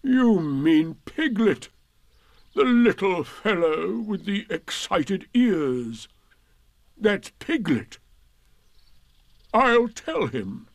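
Man putting on a glum old donkey, sighing slow drawl, a bit higher than his own voice, sour and self-pitying. The storybook voice swings up and down as he mopes. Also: sing-song, no room sound, exaggerated voice. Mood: gloomy. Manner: slow, mournful, sarcastic drawl. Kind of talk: storybook reading.

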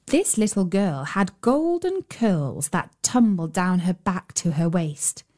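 A woman's voice: on the low side, big pitch swings, slow pace, warm tone. Woman narrating a fairy tale. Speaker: storyteller.

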